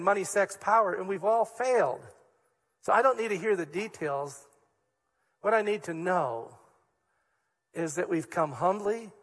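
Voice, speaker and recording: A man's voice: sits high, fairly bright tone, in a large hall. A man preaching a sermon as a pastor, earnest and emphatic, repeating key words for weight. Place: church hall.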